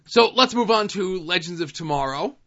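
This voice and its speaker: A man's voice: sits high, expressive, normal speed, sharp tone, lo-fi sound. A man co-hosting a casual podcast, recapping TV episodes in a laid-back, dry way with plenty of fillers. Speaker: podcast co-host.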